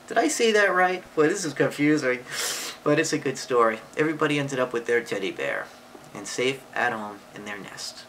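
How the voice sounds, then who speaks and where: A woman reading a picture book aloud to a child and explaining punctuation, patient and affectionate, with sudden high excited voices for exclamations. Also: moderate pace, slight background noise, rough recording. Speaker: parent or relative reading to a child.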